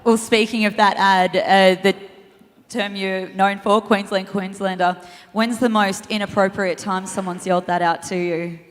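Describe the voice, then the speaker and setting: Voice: mid-range voice, level tone, a little slow, fairly bright tone, long reverb tail. An interviewer asking a guest questions on stage at an awards night.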